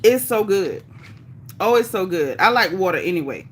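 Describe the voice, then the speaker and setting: A woman hosting a casual livestream, reading viewer comments aloud in a chatty, animated, folksy way. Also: medium pitch, normal speed, a little hiss or hum. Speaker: livestream host reading chat. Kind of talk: casual live chat.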